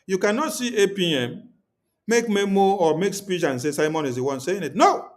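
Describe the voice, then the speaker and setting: Guy on a livestream, kinda high voice, hammering his points over and over. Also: moderate pace. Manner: emphatic, repetitive, preaching tone. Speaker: livestream host. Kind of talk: livestream talk to viewers.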